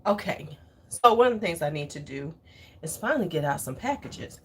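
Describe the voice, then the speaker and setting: A woman's voice: low voice, animated, moderate pace, a little hiss or hum. A woman hosting a casual livestream, rambling between topics, laughing often and chatting with her viewers. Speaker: livestream host.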